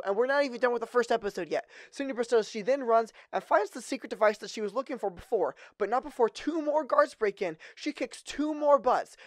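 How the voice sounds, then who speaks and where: A woman races through a comedic recap of a TV episode in a slightly high voice. She swings between gushing praise and sarcastic jabs in a chatty manner. The sound is dry and close. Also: no echo. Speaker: host.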